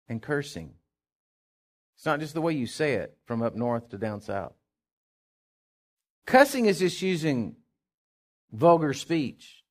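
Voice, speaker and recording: A male pastor preaching a sermon, swinging from hushed asides to loud, fervent declarations. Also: mid-range voice.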